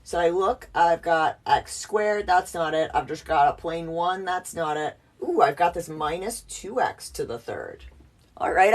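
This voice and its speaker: A woman giving a casual, playful math lesson at a whiteboard, chatty and joking at herself as she works. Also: medium pitch. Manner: playful, chatty, self-mocking asides. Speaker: math teacher.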